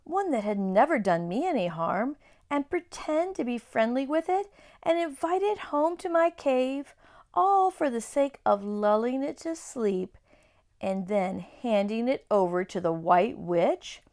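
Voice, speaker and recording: A woman voicing a remorseful, timid male faun who speaks in a pleading, halting way. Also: on the high side, lively intonation, darkish tone.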